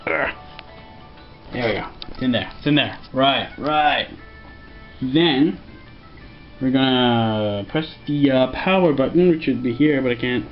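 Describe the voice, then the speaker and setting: A man walking through a casual tech tutorial, rambling and joking, sometimes putting on mock voices for what the computer says. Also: mid-range voice. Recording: dull lo-fi home recording with faint music.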